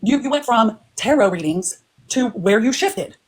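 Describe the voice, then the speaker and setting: A woman's voice: on the high side, animated, unhurried. An older woman on a livestream who argues firmly and keeps insisting that she is being respectful. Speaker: livestream guest. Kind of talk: heated livestream argument.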